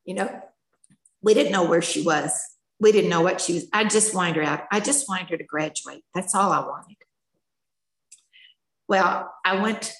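Gravelly older woman giving a heartfelt testimony. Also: lowish voice, a bit bright, echoey room, rough recording. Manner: emotional, candid, chatty storytelling. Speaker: speaker sharing her story at a recovery meeting. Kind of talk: personal testimony.

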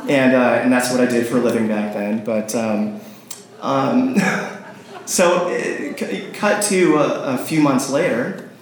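A man's voice: mid-range voice, slow pace. A man telling a rambling personal story, with many fillers and restarts, often laughing and acting out phone calls. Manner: acts out phone calls in quoted voices. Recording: very echoey room, faint noise.

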